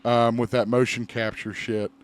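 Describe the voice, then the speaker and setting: A man's voice: mid-range voice, little pitch movement, moderate pace, slight background noise. A man hosting a podcast in casual chat, swearing freely, laughing often and rambling between topics. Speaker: podcast host.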